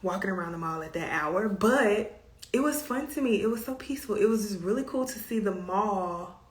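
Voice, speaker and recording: A woman with a Southern US accent hosts a casual self-care talk, chatty and emphatic with playful asides. Her voice sits at an ordinary middle pitch. The room around her rings with audible echo. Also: expressive, moderate pace. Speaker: self care coach and host. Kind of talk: casual advice monologue.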